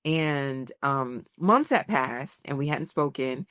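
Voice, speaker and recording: A woman's voice: a bass voice, slow, clear, resonant tone, no room sound, clean studio sound. A woman in her forties, a podcast guest telling personal stories with lots of laughter and acted-out quotes. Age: 40s. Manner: animated storyteller, laughs often, acts out quotes. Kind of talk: casual storytelling interview.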